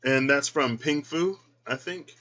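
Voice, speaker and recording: Male tarot vlogger, slow-paced, bright and emotional, lo-fi sound. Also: mid-range voice. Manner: emotional, choked up, given to squealing quoted reactions. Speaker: tarot reader. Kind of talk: casual vlog chat.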